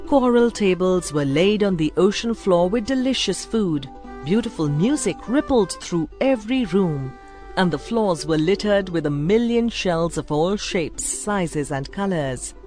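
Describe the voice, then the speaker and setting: A woman narrating a folk tale in a clear, measured storybook reading. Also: fairly low pitch, lively intonation, darkish tone, soft background music. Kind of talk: scripted narration.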